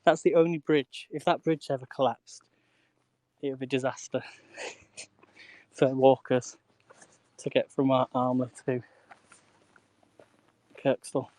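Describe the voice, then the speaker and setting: While walking a canal towpath outdoors, a man chats easily with his live-stream viewers, greeting them by name and chuckling often. His ordinary mid-pitched voice is a little mellow, with a flat delivery, slow pace and frequent pauses. The dry recording sounds like a phone held up as he walks.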